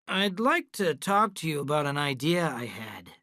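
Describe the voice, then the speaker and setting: A man's voice: a little high, sing-song, normal speed, pushed and bright, no room sound, studio quality. A narrator voicing an earnest, eager middle-aged man in a read-aloud story.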